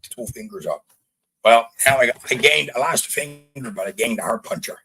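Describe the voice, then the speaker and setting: A Canadian man guesting on a podcast tells a gritty story in casual chat, blunt, animated, and full of swearing. His voice is medium-pitched and a little fast, and the recording is rough.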